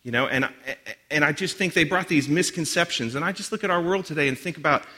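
A man's voice: fairly high pitch, fast talker, sharp tone. A man in his forties giving a sermon with personal stories, chatty and self-deprecating, full of asides and restarts. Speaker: guest speaker.

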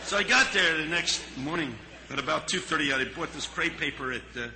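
A man telling a story in a sermon, earnest and dramatic, pausing for effect. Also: a little high, expressive, bright, forceful tone, rough recording.

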